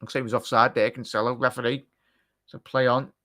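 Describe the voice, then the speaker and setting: A man giving live match commentary on a fan watchalong, chatty and joking, shouting at the big chances. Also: mid-range voice, little pitch movement, a little fast. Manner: chatty, jokey asides.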